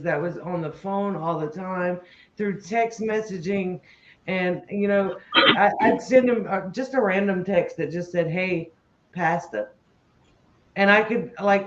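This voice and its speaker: A woman's voice: on the low side, measured pace, echoey room, dull audio. A woman co-hosting a casual livestream chat, playful and teasing, laughing a lot.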